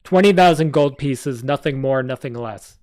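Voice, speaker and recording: A greedy little goblin barks and snorts in a New York accent, put on by a man reading a story aloud. He is brash and mocking. The voice sits higher than the reader's own, in a dry, close sound. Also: normal speed, darkish tone, no echo, natural voice. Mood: angry.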